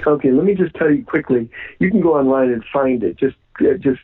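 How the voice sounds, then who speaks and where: A man's voice: medium pitch, lively intonation, brisk, slightly rough. A man being interviewed on the radio, talking earnestly with many ums and restarts. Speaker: guest. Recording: phone-line call-in sound.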